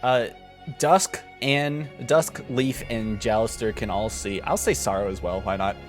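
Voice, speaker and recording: A man narrating a tabletop role-playing game as game master, animated and quick to laugh. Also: on the low side, soft background music.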